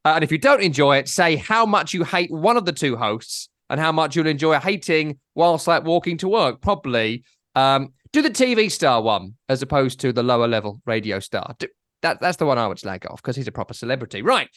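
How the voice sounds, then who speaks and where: Teasing man, higher voice. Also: lively intonation, fairly quick, fairly bright tone, no room sound, studio quality. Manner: teasing, rambling, joking. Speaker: podcast host. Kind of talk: casual chat.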